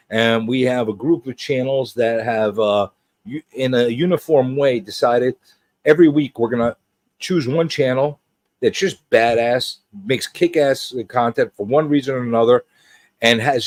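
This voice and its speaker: A man's voice: medium pitch, unhurried, a little mellow, no room sound. A man hosting a casual livestream chat, greeting viewers one by one with a rambling, teasing, joking manner. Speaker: host.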